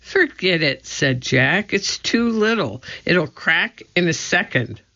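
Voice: medium pitch, animated, slow, bright, forceful tone, voice pushed up, full character voice. A storyteller voicing a cautious, nervous young boy in a storybook reading, worried and grumbling. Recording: dull lo-fi recording.

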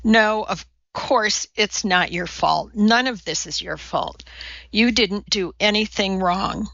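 Sharp, proud scientist mom, read by a woman; slow, crisp delivery, slightly muffled. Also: fairly high pitch, expressive, no echo. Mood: soothing. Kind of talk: audiobook character reading.

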